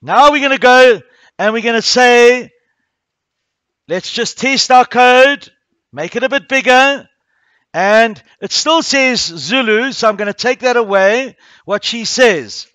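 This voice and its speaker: A man's voice: extremely high pitch, slow pace, bright, forceful tone, clean tone, no echo. A man teaching a primary school coding class, talking the pupils through each click step by step.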